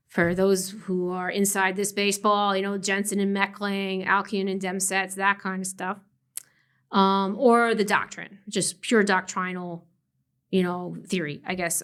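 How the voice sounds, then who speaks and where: Woman, law professor, podcast interview guest, middle pitch, animated, laughs often, restarts sentences. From family from West Virginia. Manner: animated, laughs often, frequent fillers and self-corrections.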